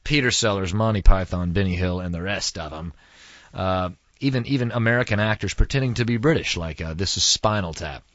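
A man's voice: low-pitched, a little fast, fairly bright tone, dry recording, lo-fi sound. Chatty man hosting a podcast. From Texas. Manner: chatty and rambling, many fillers. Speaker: podcast host. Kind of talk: casual podcast monologue. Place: recording studio.

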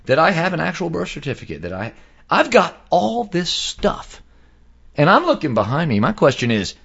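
A man's voice: mid-range voice, a bit bright. A middle-aged man hosting a podcast, telling a long exasperated story with voiced quotes and many fillers. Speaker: podcast host. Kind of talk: casual storytelling monologue. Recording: dull lo-fi sound.

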